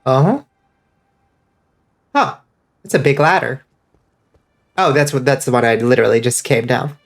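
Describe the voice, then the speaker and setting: A man with a congested, stuffy voice giving casual, excitable commentary while playing a game and reading chat. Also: mid-range voice, moderate pace, faint music behind. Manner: excitable, swears freely, reads out chat. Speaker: streamer.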